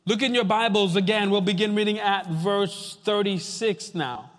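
A high-pitched male preacher delivers a sermon with long hall reverb around him. He drives his points home with repeated phrases and drawn-out, weighty pauses. The sound carries like a large church. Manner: emphatic repetition, slowing for weight.

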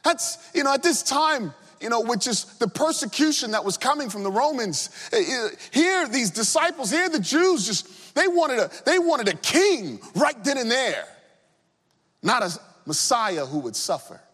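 A male pastor delivers an impassioned sermon, his fairly high voice swooping up and down with lively range. He sinks low for weight, then lifts again. The sound carries the long reverb of a church hall. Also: moderate pace, slightly rough. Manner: impassioned preaching with swooping pitch, drops low for emphasis.

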